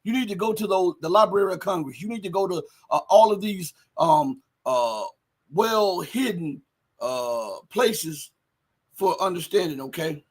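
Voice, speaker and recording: Husky high-voiced man ranting on a livestream. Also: expressive, unhurried. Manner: emphatic, rhetorical questions, builds to shouting. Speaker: livestream host. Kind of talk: casual commentary reading viewer chat.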